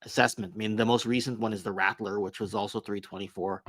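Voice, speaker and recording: A man with a fairly low voice talks as a podcast guest, thinking out loud and checking for agreement. He sounds close to the mic in a dry space. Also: steady tone, fast, no echo. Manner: reflective, checks agreement with "right?". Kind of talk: casual chat.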